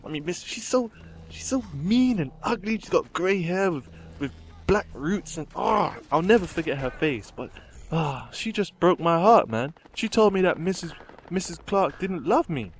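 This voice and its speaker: A man's voice: sits high, animated, moderate pace. A young man chatting casually and giggling while commenting over gameplay. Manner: chatty, giggly, rambling with fillers. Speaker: gaming commentator.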